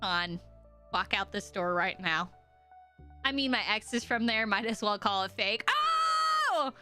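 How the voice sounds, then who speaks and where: A woman's voice: mid-range voice, unhurried, bright, forceful tone, faint music behind. A young American woman streaming a game, chatting in a rambling, giggly, self-deprecating way. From United States. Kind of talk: casual chat with viewers while gaming.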